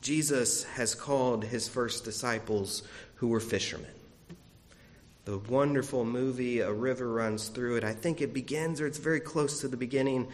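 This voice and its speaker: A man's voice: mid-range voice, normal speed, big-room sound. A man preaching a sermon as a pastor, folksy and storytelling with self-deprecating humor, in a church sanctuary.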